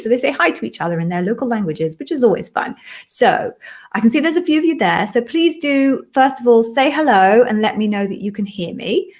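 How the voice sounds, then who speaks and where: A middle-aged woman hosting a live-stream Q&A as an interview coach, chatty and friendly with apologetic asides. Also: mid-range voice.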